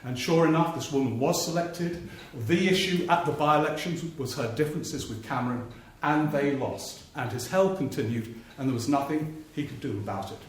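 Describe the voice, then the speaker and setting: Male journalist on stage, slightly high voice, spinning political anecdotes, booming theatre echo. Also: normal speed, hardly any pauses. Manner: storytelling, acts out politicians' voices for laughs. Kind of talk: live one-man stage talk with anecdotes. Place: theatre stage before a live audience. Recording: very echoey live theatre recording, faint noise. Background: audience laughter.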